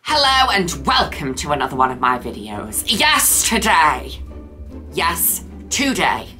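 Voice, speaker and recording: Woman host for a gameplay vlog: camp, theatrical, bright voice that swoops all over. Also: sing-song, a little slow, faint music behind. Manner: theatrical and camp, with playful catchphrases; swoops between high squeals and low drawls. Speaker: gaming video host. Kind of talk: casual gameplay commentary.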